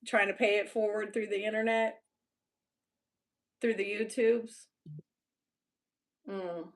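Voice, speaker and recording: A woman's voice: mid-range voice, little pitch movement, slow pace. A young Texan woman chatting casually with viewers on a live stream, blunt and loose, swearing and laughing often. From Texas. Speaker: YouTuber.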